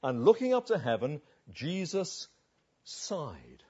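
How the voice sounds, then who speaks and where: A man preaching a sermon, shifting between slow emphatic pauses and quicker asides. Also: on the high side, breathy edge, highs cut off. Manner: expressive, varied delivery with slow emphatic pauses.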